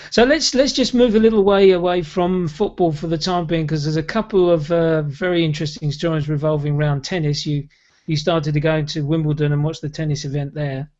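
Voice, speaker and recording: A man hosting an interview podcast, speaking in a halting way with repeated words while encouraging his guest. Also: a little high, fairly even intonation, darkish tone, dull audio. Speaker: podcast host. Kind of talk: interview chat.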